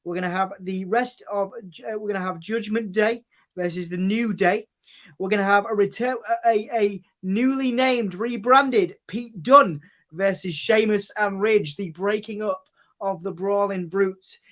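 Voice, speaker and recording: High-voiced man rattling off plans. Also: fairly bright tone. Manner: rapid listing with many fillers. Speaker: guest co-host. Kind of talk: casual chat.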